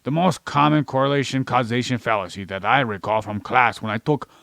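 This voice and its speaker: A podcast co-host rants and lectures about science with plenty of swearing, playing an alien character in his ordinary voice during a rambling comedic chat. His voice is medium-pitched, fairly quick, creaky, and fairly bright, recorded dry.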